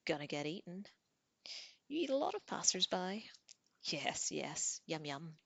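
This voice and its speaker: Gloating and very animated, a woman gives a full character voice to a small, greedy, sly male troll, giggling and sing-songing repeated words in a breathy whisper, audiobook style. Her pitch is on the low side and her tone fairly bright. She keeps a measured pace, and there's no room sound.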